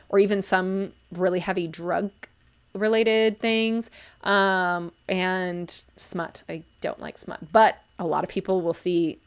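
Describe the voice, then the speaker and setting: A young woman reviewing stories live, talking casually and enthusiastically with lots of fillers and asides. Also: medium pitch. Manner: gushing, enthusiastic, chatty with many fillers. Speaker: livestream book reviewer. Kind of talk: casual live-stream commentary.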